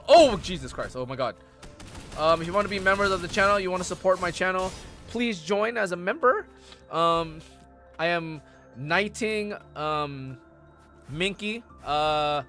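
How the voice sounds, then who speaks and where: An excitable man chats with his viewers while he plays a game on a live stream. His bright voice leaps up and down in pitch, jumping from mumbled asides to loud cries, with faint game music behind him. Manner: excitable, chatty, loud outbursts then mumbling. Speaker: gaming streamer. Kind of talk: live gameplay stream chat.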